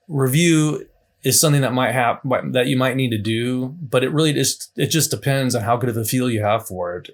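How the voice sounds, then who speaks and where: A man teaching listeners how to fix their tones in a loose, conversational way, with frequent restarts and asides. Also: mid-range voice. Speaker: language teacher. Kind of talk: casual unscripted teaching talk.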